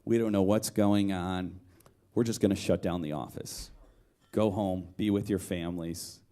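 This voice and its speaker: A comedian voicing his former office manager, who speaks in a low, measured, earnest way as he sends the staff home. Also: fairly even intonation, dark tone, close to an everyday voice.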